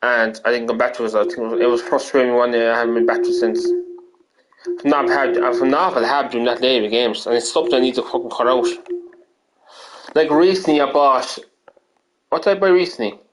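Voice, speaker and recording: A man's voice: mid-range voice, fairly even intonation, a little fast, noisy background. An Irish man streaming games and ranting casually, rambling, swearing often and restarting his sentences. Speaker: gaming streamer.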